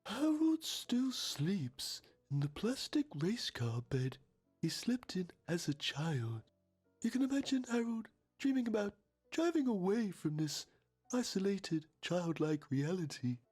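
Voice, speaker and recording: Game narrator: a man playing a grave, deadpan TV documentary host, mellow and husky, over faint music. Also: high-pitched, unhurried, full character voice. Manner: deadpan, solemn documentary delivery. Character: solemn male TV documentary narrator.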